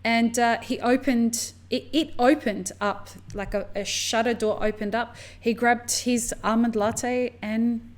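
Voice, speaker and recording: A woman from the US hosting a podcast, telling stories in a lively, chatty way. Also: on the high side, measured pace, hardly any pauses. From United States. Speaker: podcast host. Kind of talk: casual conversation.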